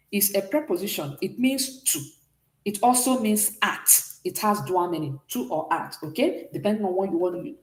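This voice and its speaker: A woman's voice: mid-range voice, echoey room. A woman teaching a beginners' French class online, explaining patiently and checking in often with the students.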